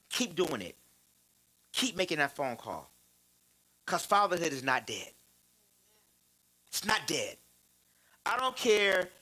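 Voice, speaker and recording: Bright-voiced man preaching with lively stories. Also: high-pitched, low-quality recording. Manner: animated, laughing, repeats phrases for emphasis. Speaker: church speaker on fatherhood.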